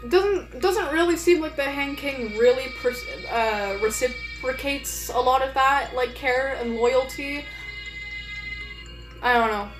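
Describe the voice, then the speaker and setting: A woman's voice: high voice, slow pace, roomy sound, soft background music, poor audio. A woman streamer chatting casually and rambling, with lots of fillers and restarts. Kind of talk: casual live-stream chat.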